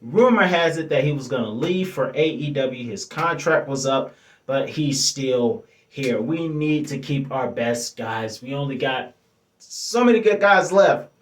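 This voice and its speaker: A man's voice: medium pitch, expressive, a little slow. A man reviewing a wrestling show for his viewers in a casual, enthusiastic way, often stopping to correct himself. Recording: echoey room.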